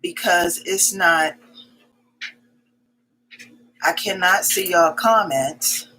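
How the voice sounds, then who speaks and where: Bright, chatty woman hosting a livestream. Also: on the low side, low-quality recording. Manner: chatty, repeats greetings and welcomes in quick strings; greets viewers by name as their comments arrive. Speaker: livestream host. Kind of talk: casual live-stream chat.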